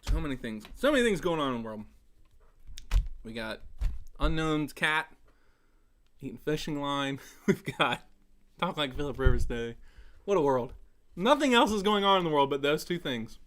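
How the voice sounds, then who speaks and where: A man's voice: fairly high pitch, pushed and bright. A man hosting a casual web show, rambling with sarcastic jokes and frequent laughter. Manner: joking, sarcastic asides, laughs often. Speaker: host of a songwriting web show.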